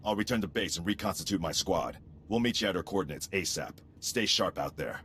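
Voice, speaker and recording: A man's voice: low voice, lively intonation, brisk, fairly bright tone, slight background noise. A man voicing a stern army sergeant in a video game, giving curt commands. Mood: commanding. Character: stern male army sergeant, squad leader.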